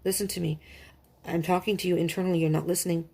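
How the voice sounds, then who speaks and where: A woman voicing a soothing, motherly female earth spirit who gently coaxes the listener to calm down. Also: on the low side, quick pace, vocal fry. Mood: coaxing. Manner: gentle, coaxing, pleading.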